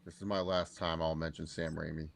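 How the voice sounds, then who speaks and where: A man chatting casually as a podcast co-host, excitable and animated as he reviews a movie. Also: rumbling low, fairly quick, gravelly. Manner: excitable, animated, acts out quotes.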